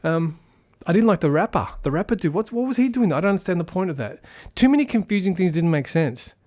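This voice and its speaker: A man with a fairly high voice giving an unscripted film review. He rambles and thinks aloud, and his tone stays critical throughout. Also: lively intonation, quick pace, a little mellow. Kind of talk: casual spoken film review.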